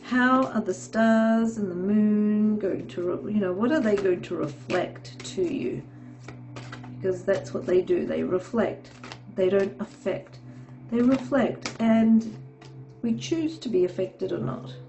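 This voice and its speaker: A woman with a cold-stuffed, nasal voice reads tarot cards at an unhurried pace. Her tone is mellow and soft, and she wanders between thoughts, checking in with "okay" as she goes. Faint music plays quietly underneath. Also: medium pitch, poor audio. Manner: meandering, reassuring, frequent "okay". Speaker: tarot reader. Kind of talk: casual tarot reading to camera.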